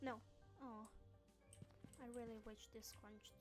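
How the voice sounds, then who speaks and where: A woman's voice: a little high, music in the background. A woman streaming a game, gushing and giggling between lines she reads aloud. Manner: gushing, giggly, quick asides. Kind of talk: playthrough commentary, reading game text aloud.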